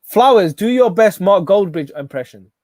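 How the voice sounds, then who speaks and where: A man hosting a live football watch-along, excitable and shouting at every chance. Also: sits high, moderate pace, no echo, studio quality.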